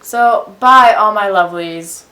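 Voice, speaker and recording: A woman's voice: mid-range voice, takes it slowly, pushed and bright, reverberant. A young woman visiting a friend's channel, chatting in a goofy, blunt and jokey way. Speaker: guest friend. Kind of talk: casual chat with a friend. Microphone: camera on tripod.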